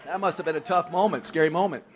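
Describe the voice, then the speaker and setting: A young man speaking to a recovery meeting, telling his story in a slangy, animated way and acting out other people's lines. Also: fairly high pitch, fast talker, some chatter behind, slight background noise. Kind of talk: storytelling speech to a crowd. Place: convention hall.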